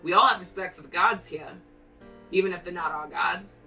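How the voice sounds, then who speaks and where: A blunt, foul-mouthed tavern barkeep with a put-on accent, as a woman acts her out in a tabletop game. Her voice sits low yet bright and edgy. It is caught a little far from the mic, with faint music behind. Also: normal speed. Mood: reassuring. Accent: put-on unplaced accent. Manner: blunt, swears casually. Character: brusque female barkeep lending a horse.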